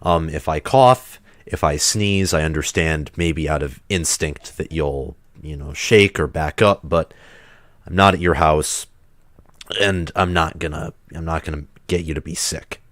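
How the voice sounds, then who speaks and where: Male streamer host, deep voice, under the weather, rambling casual chat, dry close sound. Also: unhurried, a bit bright, dry recording. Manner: rambling, chatty, loose restarts. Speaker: livestream host.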